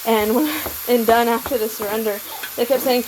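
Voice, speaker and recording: A woman's voice: a little high, steady tone, moderate pace, slight background noise, rough recording. Rambling woman over kitchen sizzle. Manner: meandering, repetitive, swears freely. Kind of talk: rambling personal monologue.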